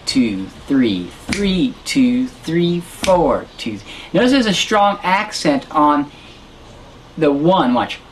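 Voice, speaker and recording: A man teaching a harmonica lesson, explaining technique in a relaxed way and correcting himself as he goes. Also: fairly high pitch, a little hiss or hum, low-quality recording. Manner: demonstrates sounds and counts beats aloud. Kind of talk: instructional lesson.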